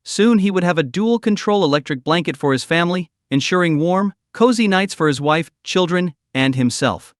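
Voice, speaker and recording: A man narrating a recap story in a steady, scripted storytelling delivery. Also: sits high, moderate pace, hardly any pauses, no room sound, studio quality.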